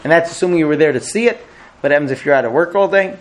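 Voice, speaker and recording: A man teaching a class in a conversational way, telling an illustrative story with frequent hesitant pauses. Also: on the high side, slight background noise. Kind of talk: storytelling lecture.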